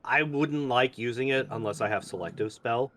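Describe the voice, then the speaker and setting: A man's voice: medium pitch, normal speed, fairly bright tone. A man guesting on a gaming podcast, giving blunt, opinionated takes. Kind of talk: casual gaming podcast chat.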